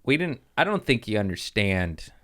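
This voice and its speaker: A male comedian hosts a casual podcast chat. His pitch swings up and down, his voice comes out smooth and clear, and his words carry plenty of swearing. He slips into acted-out voices as he tells his stories. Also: moderate pace. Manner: animated storyteller, swears freely, acts out voices.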